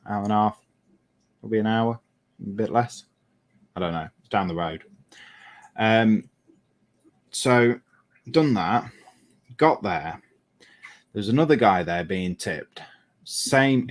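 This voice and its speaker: A man, a lorry driver, chatting casually while painting a model and telling a rambling story, often correcting himself. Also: lowish voice.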